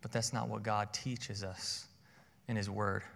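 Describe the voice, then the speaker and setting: A man's voice: lowish voice, level tone, unhurried, gravelly, fairly bright tone. Guy preaching like he's just chatting, stumbles over words a bit, big echoey hall. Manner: conversational, repeats words at starts of phrases. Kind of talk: sermon with personal story.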